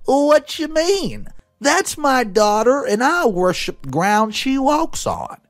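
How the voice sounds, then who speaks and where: A man doing a shrill, high-pitched Southern mother. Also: sing-song, takes it slowly, no room sound, faint music behind, exaggerated voice. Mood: aggressive, shrill. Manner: confrontational, yelling. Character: shrill frizzy-haired older Southern mother, volatile.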